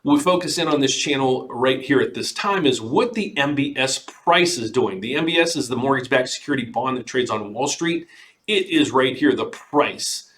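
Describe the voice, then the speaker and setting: A man's voice: animated, normal speed, fairly bright tone. An older man, a mortgage broker, hosts a casual market update, talking earnestly and repeating himself as he pleads with viewers to call. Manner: earnest, repetitive, pitches services and pleads with viewers.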